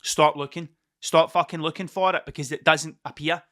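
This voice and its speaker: In this casual solo monologue, a Scottish podcast host rambles and swears freely as his thoughts wander. His voice is on the high side, pushed and bright, with fairly even intonation at a normal speed.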